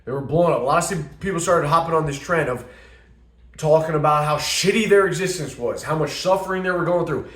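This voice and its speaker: A young man vlogging in a casual, rambling monologue, telling a story with animated quoted asides. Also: a little high, brisk. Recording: echoey room.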